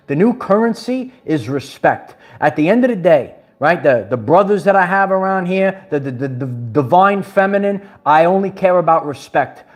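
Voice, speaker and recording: A man from Brooklyn, talking to his viewers in an emphatic, preachy way and repeating his phrases. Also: a little high. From Brooklyn, New York. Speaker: spiritual empowerment vlogger. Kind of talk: livestream motivational talk.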